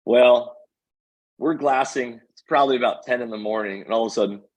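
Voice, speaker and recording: Husky man telling a hunting story. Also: mid-range voice, brisk, rough recording. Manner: animated storyteller, acts out voices. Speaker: podcast guest.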